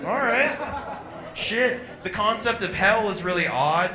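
A man's voice: sits high, lively intonation, unhurried, echoey room, crowd noise. A young man performing a crude, irreverent stand-up comedy set, mocking and blunt. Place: comedy club stage.

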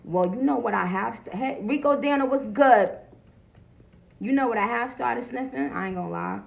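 Gravelly New woman ranting on a livestream. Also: on the high side, normal speed, lo-fi sound. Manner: loud, profane and animated, greeting viewers between points. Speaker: livestream host. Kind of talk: casual livestream talk.

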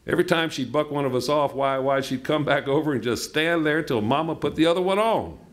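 A man's voice: on the high side, fairly quick, slight background noise, voice pushed up, natural voice. A man reading the part of an old man recalling his ranch boyhood in a folksy storytelling way. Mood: fond.

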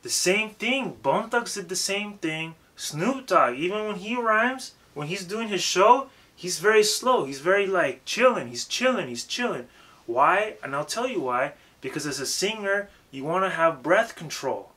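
Man, young adult, rap coach, casual lesson, cussing, repeats points, bright tense tone. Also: sits high, expressive, measured pace. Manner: profane, emphatic, repeats himself.

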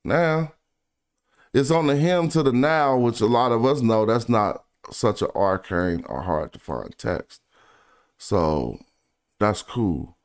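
A man with a speech pattern talks through his research in a relaxed, off-the-cuff way. His voice is smooth and resonant at a middle pitch. He reads passages slowly and trails off into low, quiet asides. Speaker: independent researcher presenting online. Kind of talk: casual screen-share research commentary.

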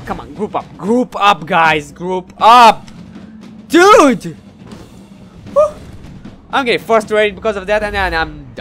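A male gamer talks through his match in an animated voice that swings widely in pitch. He shouts and curses when things go wrong. A little game music plays softly under his voice. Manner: excitable, swears, loudly frustrated during matches; calmer and hesitant when reflecting after the match. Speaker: gameplay commentator. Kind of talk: live gameplay commentary.

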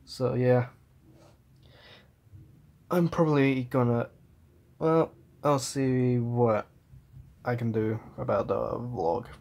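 Young NZ male vlogger, unhurried and meandering, talking into a phone at arm's length. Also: medium pitch, steady tone, gravelly, a little mellow. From New Zealand. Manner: rambling, trails off, chuckles between thoughts. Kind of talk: casual vlog chat. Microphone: phone held at arm's length.

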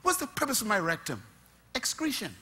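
A high-voiced male preacher with a husky, sharp tone. He delivers his sermon in lively swoops, listing his points emphatically and swinging between loud bursts and quiet asides. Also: fairly quick.

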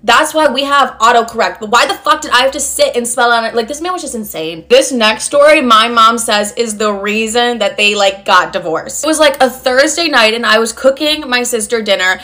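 A woman's voice: fairly high pitch, a little fast, few pauses, bright, forceful tone. A young woman telling a storytime monologue, blunt and sarcastic, swearing a lot. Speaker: storytelling creator.

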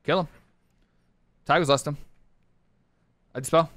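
A man streaming a competitive online game live, talking his teammates through the match in short clipped callouts and bursting into excited shouts. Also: a little high, unhurried, no room sound. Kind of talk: live gameplay commentary.

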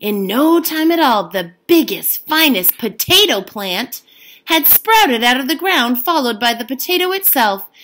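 Teacher lady reading a picture book out loud, high voice, swings all over. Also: unhurried. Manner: lively, voices the characters. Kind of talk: storybook read-aloud.

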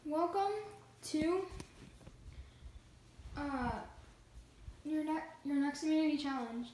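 A woman hosting a pretend competition show, playful and halting, with frequent fillers. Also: high voice, darkish tone, reverberant, a little hiss or hum, poor audio. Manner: halting, with many fillers and restarts. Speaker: host of a toy competition show.

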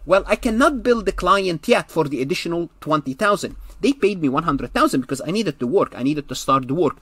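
A man's voice: on the high side, animated, fairly quick, fairly bright tone, slightly rough, dry recording. Male accounting lecturer, dry close sound, repeats and restates as he walks through an example. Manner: explains step by step, repeats key points, frequent restarts. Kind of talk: recorded lecture.

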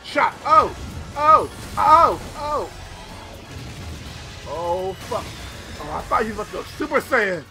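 Young male let's-player: very high, animated voice, yelps and swears, game music under him. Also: slow, long pauses, poor audio. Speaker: let's play gamer. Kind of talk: live gameplay commentary. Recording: loud game music behind voice.

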